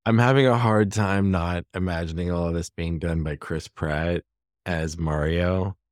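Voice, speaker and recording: Low-voiced, laid-back man. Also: fairly even intonation, a little slow, no room sound, studio quality. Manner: laid-back, wry, with hesitant restarts. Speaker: podcast guest. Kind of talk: casual podcast chat.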